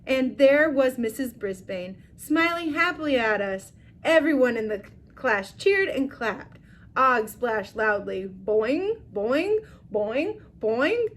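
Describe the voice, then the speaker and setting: A woman's voice: a little high, measured pace. Woman reading a children's book. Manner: expressive storytelling. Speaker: reader.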